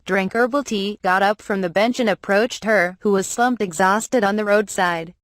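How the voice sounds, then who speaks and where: A woman reads a web novel aloud in an even, steady narration. Her voice sits in a middle pitch. The recording is close and dry, with no room sound. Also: no room sound. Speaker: audiobook reader. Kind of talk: reading a translated web novel.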